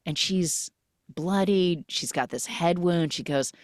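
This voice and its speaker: A woman hosting a movie recap podcast who retells the plot in an animated way and acts out the characters' lines. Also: fairly low pitch, slow pace, no room sound, clean studio sound. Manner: animated storytelling, quoting characters. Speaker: podcast host.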